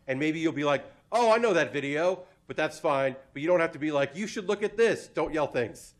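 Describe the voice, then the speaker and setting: A fairly high-voiced man hosts a live comedy panel at a convention. He talks in an animated, laughing, self-deprecating way into a stage mic. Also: a little fast. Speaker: host. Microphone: handheld or stand mic.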